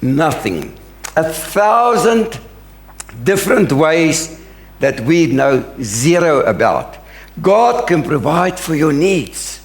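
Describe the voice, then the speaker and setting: Emphatic male preacher, lively pitch. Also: reverberant. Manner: earnest, emphatic preaching with drawn-out phrases. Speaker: pastor. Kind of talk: sermon. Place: church sanctuary.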